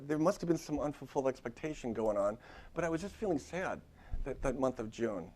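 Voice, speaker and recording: In a university classroom, a therapist in his fifties lectures conversationally, often checking in with "okay?" and repeating his phrases. His mid-range voice is expressive and a little mellow, moving at a moderate pace with long pauses.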